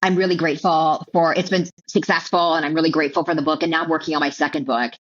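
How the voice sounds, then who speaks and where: A middle-aged woman telling her personal story as an interview guest, halting and emotional, with many restarts and repeated words. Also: sits low, fairly even intonation, a bit bright. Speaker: author and keynote speaker, guest. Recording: dull lo-fi audio.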